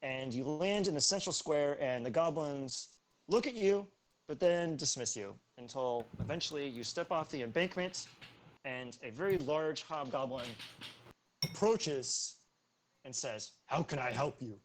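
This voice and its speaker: A man narrating a tabletop role-playing game as game master, explaining rolls quickly between relaxed fillers. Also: a little high, slight background noise.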